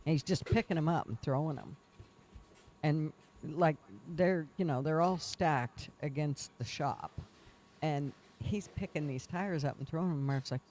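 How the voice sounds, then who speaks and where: A man's voice: a little high, expressive, moderate pace, darkish tone. A man on a casual podcast who tells stories and cracks crude jokes. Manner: joking, crude humor. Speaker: podcast co-host. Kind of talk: casual chat. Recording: faint background noise.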